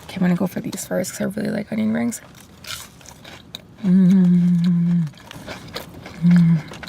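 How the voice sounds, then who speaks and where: A woman's voice: lowish voice, fairly even intonation, measured pace, vocal fry, mellow, slight background noise. Woman chatting to camera between bites. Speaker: mukbang video creator. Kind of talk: casual eating vlog. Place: parked car.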